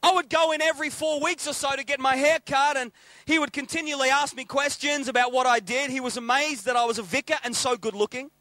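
High bright-voiced preacher. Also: male voice, quick pace, dry recording. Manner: lively anecdotal, acts out quoted dialogue. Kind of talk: sermon storytelling.

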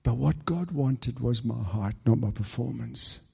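A man preaching a fervent sermon to a congregation, stumbling over restarts as he builds to high, excited peaks. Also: a little slow, gravelly, slightly rough, in a large hall. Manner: frequent stammered restarts.

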